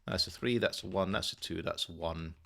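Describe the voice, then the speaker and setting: A man's voice: low-pitched, fairly quick, gravelly, fairly bright tone. A man hosting his own channel, thinking aloud as he works methodically through a sudoku and correcting himself as he goes. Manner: muttering, methodical, self-correcting. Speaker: sudoku solver and channel host. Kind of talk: thinking aloud while solving a puzzle.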